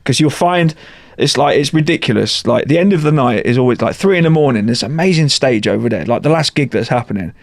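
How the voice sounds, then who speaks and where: A man's voice: mid-range voice, animated, fast talker, vocal fry, few pauses, no echo. A man, a session musician guest, telling anecdotes in casual podcast chat, laughing often and acting out other people's lines.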